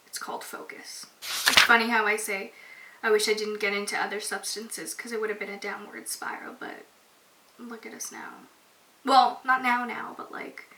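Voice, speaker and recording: Young woman, podcast host, candid confessional chat, bright tone, roomy echo, distant mic, faint hiss. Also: mid-range voice. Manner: open, emotional, casual with frequent "like". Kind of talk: candid personal podcast monologue.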